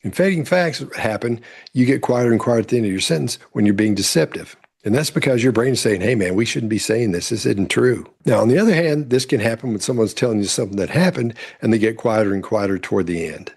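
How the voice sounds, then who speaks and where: A man commenting on courtroom testimony, explaining calmly step by step. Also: mid-range voice, quick pace, vocal fry, husky. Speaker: body-language commentator.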